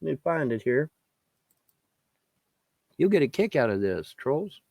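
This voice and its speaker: A man ranting at the camera in a vlog, swearing constantly, taunting his critics and shouting in bursts. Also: medium pitch, very animated, measured pace, vocal fry, long pauses, no room sound, dull audio. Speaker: vlogger. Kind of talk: angry profane rant to camera.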